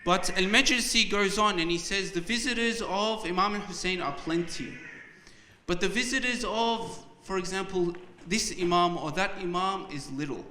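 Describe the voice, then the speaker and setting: A man's voice: sits high, normal speed, bright, forceful tone, a little hiss or hum. A man giving a passionate, emotional sermon at a religious gathering, often restarting his words. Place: large hall at a community religious program. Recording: echoey hall reverb.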